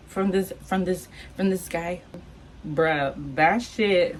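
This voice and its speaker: A young woman from Texas vlogging an unboxing, hyper and excitable, swearing a lot and squealing. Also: on the low side, slow, slight background noise, poor audio. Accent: Texan. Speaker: vlogger unboxing masks and merch. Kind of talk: casual unboxing vlog.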